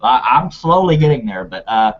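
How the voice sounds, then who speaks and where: A man's voice: medium pitch, sing-song, normal speed, dull audio. A man hosting a live online hangout, chatty and rambling, laughing often. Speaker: host.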